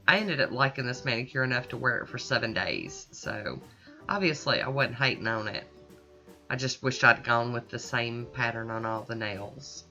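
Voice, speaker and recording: A woman talks through her nail art in a chatty, upbeat voice-over. Her voice is bright, and the audio is a little dull. Soft guitar music plays underneath. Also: very deep voice. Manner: chatty, upbeat, self-teasing. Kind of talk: casual voice-over tutorial.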